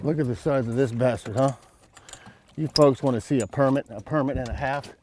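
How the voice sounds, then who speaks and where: A man, a fishing guide hosting his show, giving excited folksy commentary from a boat outdoors while talking to viewers. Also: mid-range voice, brisk, a little hiss or hum. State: breathing hard.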